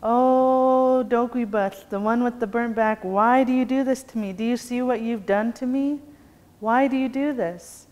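A woman's voice: on the low side, a little slow, few pauses, darkish tone, natural voice. A woman voicing a frightened male creature who pleads and wails to be changed into something else. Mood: pleading. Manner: wailing, pleading cries. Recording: long reverb, faint background noise.

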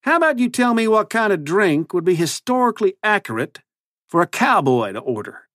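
A man voicing a small-town mayor who has taken up a folksy cowboy drawl, talking earnestly and slowly. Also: sits high, big pitch swings, fairly bright tone, dry recording, studio quality, pitched above the performer's own voice. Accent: put-on Western cowboy drawl.

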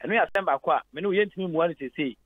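A Ghanaian-accented man, head of sport, calls in to a radio show and explains at length, mixing English into his Twi. His voice is a little high, rapid-fire and breathy at the edges. It's phone-in sports analysis, dry but tinny over the phone line.

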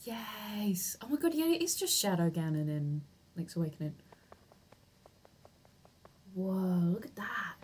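A woman streaming a video game live, reacting in an excitable, giggly way and cheering the character on. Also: medium pitch, unhurried, long pauses, slightly rough. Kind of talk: live gameplay commentary.

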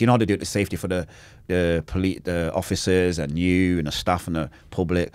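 A man's voice: sits low, quick pace, darkish tone, no room sound. A man telling an intense, emotional personal story as a podcast guest. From Manchester, England. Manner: intense, emotional, acts out quoted voices.

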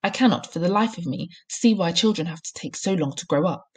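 A huge, cruel headmistress from a storybook barks commands and snaps insults, as a woman reading aloud puts her on. The voice sits low and a little husky, with a harsh, clipped bark. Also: lively intonation, a little fast. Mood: scornful. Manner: barking, snapping commands. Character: huge bullying female headmistress, cruel and furious.

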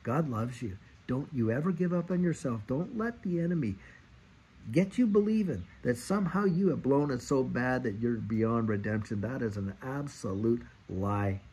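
A man's voice: mid-range voice, lively intonation, normal speed, darkish tone, slightly rough, poor audio. A man in his fifties giving an earnest, exhorting sermon and repeating his key phrases. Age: 50s. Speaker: Christian speaker.

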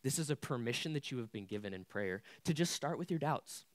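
A man's voice: mid-range voice, animated, fairly quick, no echo. A young man preaching a casual youth sermon, candid and conversational with lots of filler words. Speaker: youth pastor.

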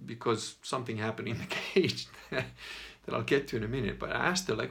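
A man's voice: mid-range voice, fast, vocal fry, a bit bright. A middle-aged man telling a personal story in a casual monologue, rambling and swearing, laughing as he goes and acting out what people said. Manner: rambling, profane, laughs as he talks, acts out quotes.

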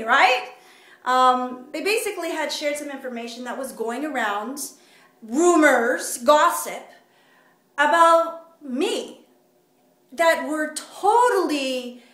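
Animated high-voiced woman vlogging. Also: echoey room. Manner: animated and indignant, with many fillers and restarts. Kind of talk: casual direct-to-camera vlog.

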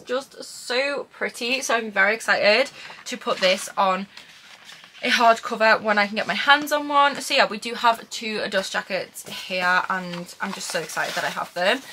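Young woman, bright tone, excitable book vlogger, gushes and gets emotional, casual home unboxing. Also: on the high side, a little hiss or hum. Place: home room with bookshelf.

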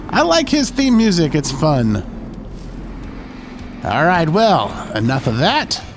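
A man's voice: a little high, sing-song, slow, noisy background. A man hosting a gaming channel, giving upbeat, chatty let's-play commentary and now and then slipping into playful pirate talk. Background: game music.

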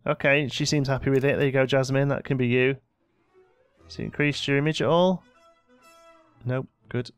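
A man's voice: medium pitch, fairly even intonation, moderate pace, pauses often, smooth, no echo, soft background music. A young man giving casual gameplay commentary, bossing his in-game characters around with mock exasperation. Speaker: let's play host.

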